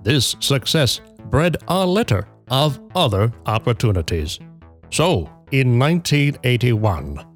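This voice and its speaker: Slow, measured man reading a story. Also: medium pitch, sing-song, soft background music. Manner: measured, dry storytelling that builds to punchlines. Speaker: podcast host reading a prepared story. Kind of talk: scripted narration with casual banter.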